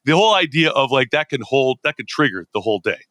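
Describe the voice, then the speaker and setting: Lively storytelling man, dry close sound. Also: mid-range voice, fast talker, dry recording. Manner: energetic storyteller who acts out his own inner dialogue. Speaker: podcast guest. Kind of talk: conversational podcast interview.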